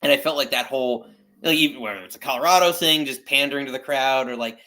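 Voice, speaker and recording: A man co-hosting a wrestling podcast, talking in loose, rambling opinions that stop and restart. His voice is mid-pitched with a bright, forceful edge. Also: quick pace. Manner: rambling, many fillers and restarts. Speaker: podcast co-host. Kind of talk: casual wrestling chat.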